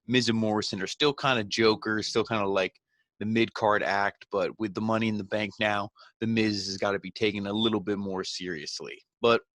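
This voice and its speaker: A man hosting a podcast, giving a relaxed, rambling, conversational recap of a wrestling show. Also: lowish voice, a little fast, no echo, clean studio sound. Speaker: podcast host.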